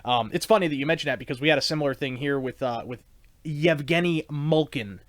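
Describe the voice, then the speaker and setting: A man's voice: medium pitch, rapid-fire, a bit bright, dry recording. A man hosting a podcast interview, rambling casually with lots of fillers. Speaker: podcast host. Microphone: own recorder.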